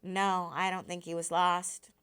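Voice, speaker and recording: A woman's voice: lowish voice, flat delivery, measured pace, clear, resonant tone. A woman reading as a weary dying father. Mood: reassuring. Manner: quiet, reassuring. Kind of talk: reading a novel aloud.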